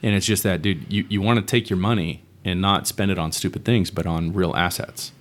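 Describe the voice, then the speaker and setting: A man with a very low, deep voice, chatting as a podcast guest. He sounds loose and slangy, tossing in dude and bro as he explains things. It is a casual, easygoing conversation. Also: steady tone, a little fast. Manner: laid-back and slangy, says dude and bro. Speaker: guest, real estate investor.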